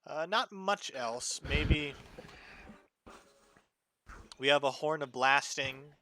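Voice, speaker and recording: A man's voice: a little high, slow, sharp tone, a little hiss or hum. A man narrating as dungeon master in a casual tabletop game session, describing scenes with loose fillers.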